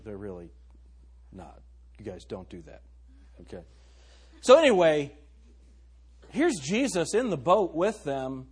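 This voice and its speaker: A middle-aged man preaches with a husky, somewhat high voice that rises and falls with lively swings. He is emphatic and keeps turning to the congregation with questions. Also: unhurried, pauses often. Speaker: pastor. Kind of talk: sermon.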